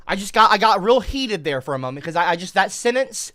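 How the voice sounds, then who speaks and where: An online comedian giving a sarcastic, satirical rant about an article, swinging between heated outbursts and forced calm. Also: mid-range voice, fast, no room sound.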